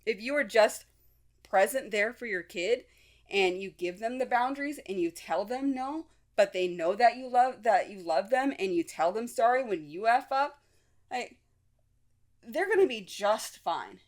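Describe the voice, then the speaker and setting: Her voice a little high and a little slow, with lively intonation, a mother hosting her own podcast speaks casually and candidly alone. Fillers and restarts crop up throughout.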